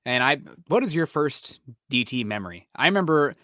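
A young man co-hosting a casual sports podcast, telling stories in a quick, excitable way. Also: medium pitch, no room sound, studio quality. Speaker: podcast co-host.

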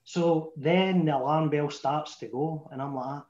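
A man's voice: unhurried, hardly any pauses, a little mellow. Glaswegian man in his thirties telling a story. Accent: Scottish, Glaswegian. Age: 30s. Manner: chatty, swearing, dropping to a low mutter for his inner thoughts. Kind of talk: casual storytelling among friends. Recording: echoey room, muffled sound.

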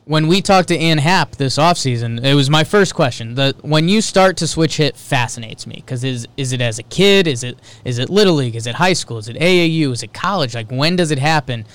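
A man co-hosting a baseball podcast in casual sports talk, excitable and jumping up in pitch to stress a point. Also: a little fast, few pauses, dry recording. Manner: excitable, jumps into high pitch for emphasis.

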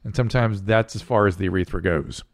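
A middle-aged physician hosts a casual podcast chat, explaining medical terms plainly and joking along. His voice is on the low side and he speaks fast.

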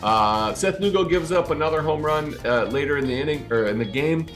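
A man's voice: on the high side, lively intonation, a little fast, faint music behind. A man co-hosting a casual sports podcast, recapping a baseball game with stats and fillers. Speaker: podcast co-host.

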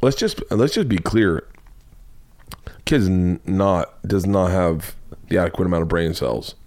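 A man in his forties from the United States, hosting his own show with a rambling, profane comedic monologue and animated storytelling. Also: low voice, unhurried. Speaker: comedian podcast host.

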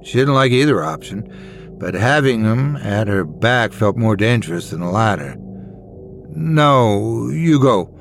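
A man reading scary stories as a dramatic, expressive narrator. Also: fairly low pitch, normal speed, music in the background. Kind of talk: scripted horror story narration.

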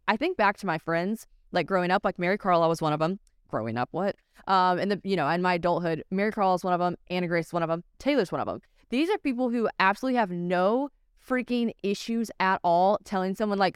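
A woman's voice: mid-range voice, expressive, fast, clean tone, dry recording, studio quality. A woman hosting a solo podcast, talking candidly and casually, full of "like" fillers and swearing freely. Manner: frequent "like" fillers. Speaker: podcast host.

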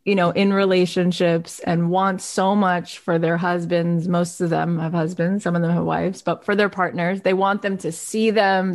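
A woman hosting an interview, asking earnest, enthusiastic questions on behalf of her audience. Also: fairly low pitch. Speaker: podcast host.

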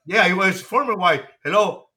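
A man in his sixties, a former baseball manager, telling profane, animated stories as a guest and laughing along. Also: sits high, moderate pace. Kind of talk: casual storytelling.

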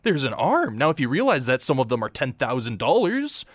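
A man's voice: mid-range voice, sing-song, brisk, dry recording, studio quality. A man co-hosting a radio show, bantering playfully and enthusiastically. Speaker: radio co-host. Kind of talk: casual radio talk.

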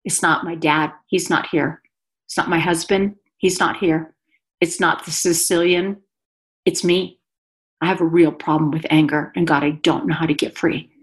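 Speaking at normal speed in a low, steady voice, a mother appears as a guest and shares an earnest, emotional account of her life in conversation.

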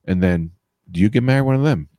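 A man in casual podcast banter, his pitch swinging widely as he builds absurd comic scenarios. The sound is close and dry, with no room around it. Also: quick pace, no room sound. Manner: animated, riffing bits with put-on voices. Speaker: podcast co-host. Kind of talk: casual comedic chat.

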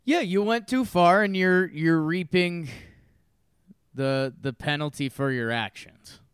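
A young man co-hosting a casual podcast, answering with dry, deadpan quips. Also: on the high side, slow pace, smooth, dry recording. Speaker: podcast co-host. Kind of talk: casual chat.

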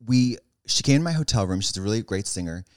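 A man co-hosts a chatty podcast and fires off curious questions. His pitch moves lively up and down, and the sound is dry and close. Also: quick pace, no echo. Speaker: co-host. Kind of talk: casual podcast chat.

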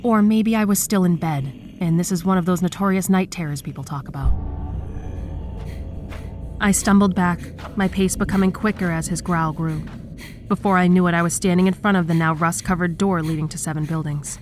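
Woman narrating horror, somewhat low voice. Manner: steady, measured storytelling. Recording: clear background noise.

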